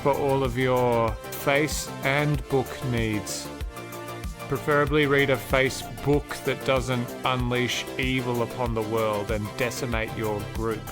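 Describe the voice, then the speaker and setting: Man, deadpan joker, music clearly underneath. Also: mid-range voice, slow pace. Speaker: podcast co-host.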